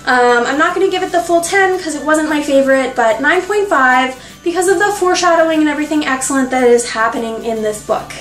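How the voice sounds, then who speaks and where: High-pitched girl gushing about a book, giggles a lot, kinda echoey room. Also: quick pace, hardly any pauses, fairly bright tone, faint music behind. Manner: gushing, giggly, many fillers and restarts. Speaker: book vlogger. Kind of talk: excited casual book review.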